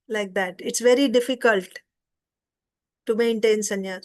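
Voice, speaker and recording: A woman's voice: high-pitched, normal speed. A woman teaching an informal scripture class, retelling a story conversationally and stopping to explain.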